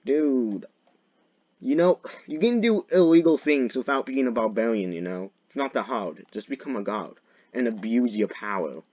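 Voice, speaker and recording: A young man giving jokey gameplay commentary as a video creator, often breaking into loud, mock-dramatic shouts. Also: mid-range voice, expressive, moderate pace, muffled recording.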